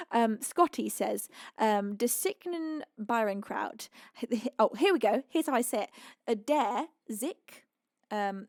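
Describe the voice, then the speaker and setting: A British woman hosting a live music stream, chatting casually, giggling and warmly thanking viewers as she reads their messages. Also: a little high, no room sound, studio quality. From United Kingdom. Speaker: singer and livestream host. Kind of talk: casual livestream chat reading out viewer messages.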